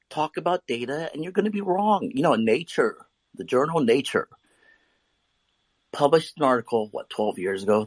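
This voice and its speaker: A man's voice: medium pitch, breathy edge, no room sound. A man who works as an eye surgeon, arguing heatedly in a live online debate, emphatic and given to swearing.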